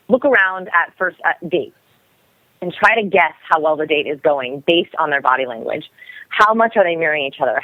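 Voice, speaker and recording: A young woman who talks quickly and energetically, explaining as a guest expert in a podcast interview. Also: sits low, no echo. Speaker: guest expert on body language. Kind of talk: podcast interview over the phone. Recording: dry, tinny phone line.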